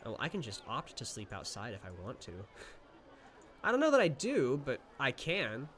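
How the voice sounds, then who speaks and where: A man streaming a gamebook playthrough, reading the passages aloud and musing between them in an animated way. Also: medium pitch, unhurried.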